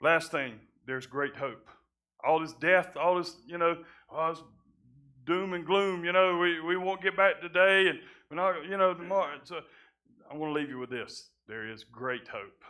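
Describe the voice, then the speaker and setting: Male pastor, high bright tone, casual repetitive sermon delivery. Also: normal speed. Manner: conversational preaching, repeats words, drops quietly at times. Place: church sanctuary.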